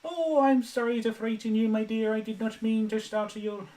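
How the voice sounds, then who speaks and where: A man voicing a fussy elderly woman in a strained high falsetto. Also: fairly even intonation, normal speed, a little mellow, distant mic, lightly acted, low-quality recording. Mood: apologetic.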